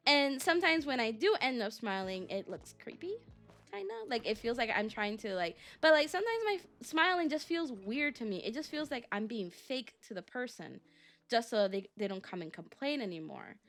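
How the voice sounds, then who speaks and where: A woman's voice: fairly high pitch, sing-song, moderate pace, fairly bright tone, soft background music. A young adult woman streaming as a VTuber, chatting casually and rambling through a story with lots of fillers.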